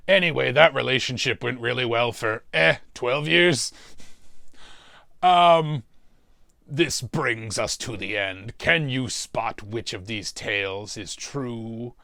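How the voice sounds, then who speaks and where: A man's voice: medium pitch, bright, forceful tone, no room sound, clean studio sound, full character voice. A man playing a demonic torturer who hosts a mystery show and tells a comic story about suffering. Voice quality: gravelly, slow, relishing talk of suffering. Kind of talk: comedic in-character storytelling.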